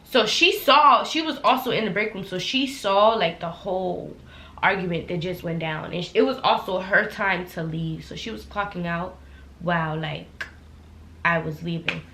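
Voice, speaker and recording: A young woman telling a heated work story in a casual storytime vlog, acting out the quotes loudly. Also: on the low side, normal speed, slight background noise. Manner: animated, heated retelling with loud acted-out quotes. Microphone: laptop camera. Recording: echoey room.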